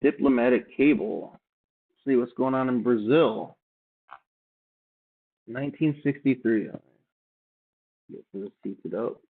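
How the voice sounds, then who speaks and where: A man reading old documents aloud and adding offhand, halting remarks as he thinks aloud. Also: medium pitch, slightly rough. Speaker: channel host. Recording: tinny phone-like sound.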